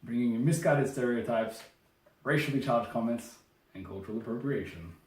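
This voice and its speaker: A man's voice: mid-range voice, moderate pace, a little mellow. Roomy young Australian man explaining slang. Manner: playful, mock-formal explaining. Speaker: co-host. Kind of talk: casual explainer chat. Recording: roomy, distant mic.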